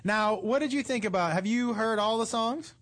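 A man co-hosting a comedy talk show, chatting with callers and telling stories with lots of laughter. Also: high voice. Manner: animated, laughs often, quick comic storytelling. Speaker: radio show co-host.

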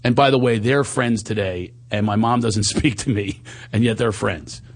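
In conversation, a man recounts a personal story openly and with animation, keeping a moderate pace. He quotes his past self in higher voices now and then and softens and lowers his voice for tender parts.

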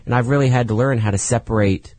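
Husky laid-back man guest. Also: mid-range voice, quick pace, a little mellow, no room sound. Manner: laid-back, chatty, laughs often. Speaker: actor guest. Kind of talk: casual chat.

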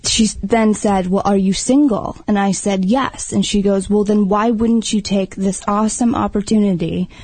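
A woman in casual talk, telling a lively story and calling her partner babe. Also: medium pitch, moderate pace, hardly any pauses, husky, dry recording, poor audio. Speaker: guest. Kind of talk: casual chat.

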